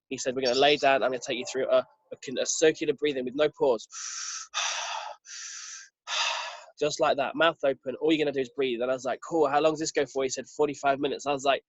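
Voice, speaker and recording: A man at a middling pitch tells a personal story with earnest, lively energy, slipping into the voices of the people he quotes. The sound is dry and close, a little dull in the highs, like plain podcast audio. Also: fast talker, hardly any pauses, dry recording. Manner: earnest, animated retelling with quoted dialogue. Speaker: podcast guest.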